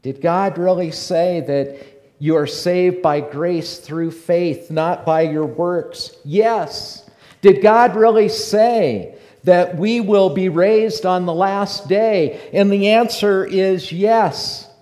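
A man preaching a sermon as pastor, passionate and building to loud emphatic repetition. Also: sits high, takes it slowly, in a large hall. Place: church sanctuary.

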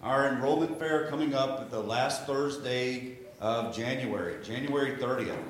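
A man's voice: mid-range voice, moderate pace, slight background noise. A man giving upbeat church announcements, asking the congregation encouraging questions. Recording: echoey church room.

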